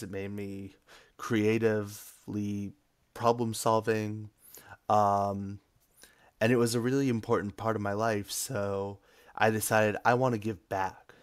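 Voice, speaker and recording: A man from Massachusetts, a game designer, talking casually as a guest in an interview, relaxed and hesitant with frequent ums. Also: on the low side. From Massachusetts, USA.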